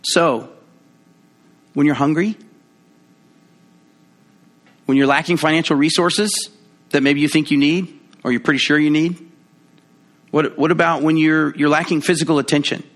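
Gravelly-voiced man preaching a sermon. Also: fairly even intonation, moderate pace, long pauses, fairly bright tone. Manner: conversational preaching with playful asides; acts out quoted voices with big pitch jumps. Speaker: pastor.

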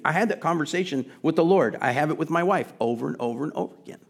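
A middle-aged male pastor delivers a sermon with a somewhat high voice. He talks to the congregation conversationally, then climbs in pitch and force as he piles up emphatic questions. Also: animated, racing, gravelly, few pauses. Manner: conversational preaching, acts out quoted voices, rising emphasis.

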